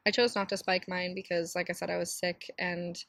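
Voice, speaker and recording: A woman in her thirties, hoarse and raspy from a cold, hosting a casual solo podcast in a chatty, candid way with many fillers. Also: lowish voice, little pitch movement, normal speed, a bit bright, no room sound. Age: 30s. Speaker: podcast host.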